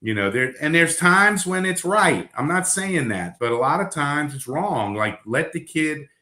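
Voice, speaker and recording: A man's voice: a little high, lively intonation, measured pace, bright, forceful tone, echoey room. A middle-aged man, a coach, talking bluntly in casual podcast chat, rambling with fillers and restarts. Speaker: basketball coach.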